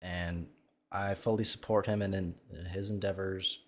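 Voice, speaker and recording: A man joking in a deadpan way while live-streaming a social VR game. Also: deep voice, normal speed. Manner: deadpan, dark ironic humor.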